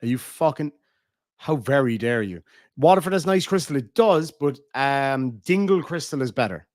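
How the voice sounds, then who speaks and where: A man's voice: medium pitch, animated, moderate pace, no room sound. Casting: Irish man, Cork accent, live streamer, foul-mouthed joker, dry close sound. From Ireland. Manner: crude, joking banter, heavy swearing. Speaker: live streamer reading chat. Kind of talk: casual live-stream chat.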